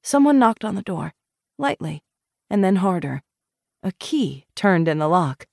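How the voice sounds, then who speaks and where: A woman narrating an audiobook in a measured, expressive way. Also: on the low side, creaky, no echo, clean studio sound.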